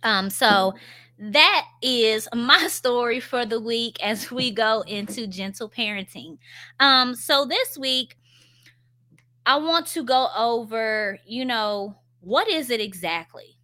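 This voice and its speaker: A woman's voice: a little high, expressive, slow pace, pushed and bright. A young woman, a stay-at-home mom, talking candidly to her followers in a casual vlog, with frequent fillers and self-deprecating laughs. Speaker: stay-at-home mom sharing parenting experiences.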